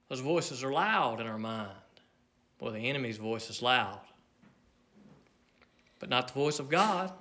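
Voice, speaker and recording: A man preaching a sermon, earnest and measured, swinging between loud emphasis and near hush. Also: mid-range voice, expressive.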